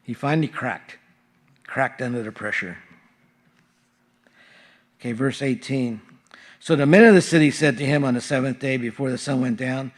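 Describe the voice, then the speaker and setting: A man's voice: mid-range voice, normal speed, long pauses. Male pastor, mid-range voice, informal verse-by-verse sermon in a church. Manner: casual, conversational teaching with frequent fillers. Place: church sanctuary.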